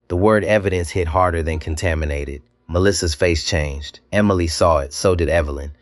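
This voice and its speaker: A man narrating a dramatic scripted story, measured and slow, with deliberate pauses. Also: low voice, no room sound.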